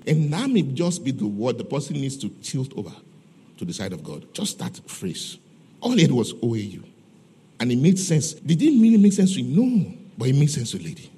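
A man preaching a sermon as a pastor, lively and laughing often as he mimics people. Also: a little high, husky.

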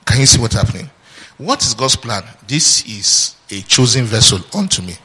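A man's voice: mid-range voice, very animated, normal speed, sharp tone. A man preaching a sermon, reading scripture aloud and quizzing the congregation with call-and-response questions. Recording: long hall reverb.

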